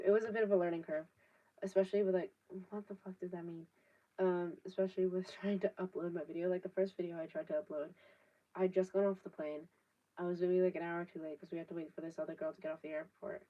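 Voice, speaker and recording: A 19-year-old woman, chatting casually on a live stream, rambling with lots of fillers and casual swearing. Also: on the low side. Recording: distant, dull laptop audio.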